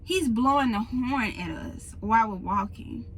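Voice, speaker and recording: A woman vlogger telling a story to her viewers in a casual, animated, emphatic way, recorded on a phone in a truck cab. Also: on the high side, unhurried, slight background noise, poor audio. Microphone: phone in a holder.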